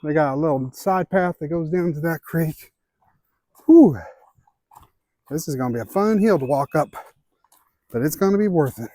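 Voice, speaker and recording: A man's voice: a little high, fairly quick, darkish tone, no room sound. A man with an Ozark Southern accent, chatting easily to viewers while hiking an outdoor trail on a handheld camera, a little out of breath from the climbs. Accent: Ozark Southern American. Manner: chatty, easygoing, talks to viewers while walking. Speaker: hiking vlogger. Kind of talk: casual walking vlog.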